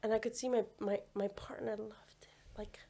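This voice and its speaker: A woman's voice: mid-range voice, moderate pace, gravelly. A young woman with a British accent, a midwife guesting on a podcast, telling personal stories in casual chat and acting out what she said back then. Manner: animated storytelling, acts out her own past lines.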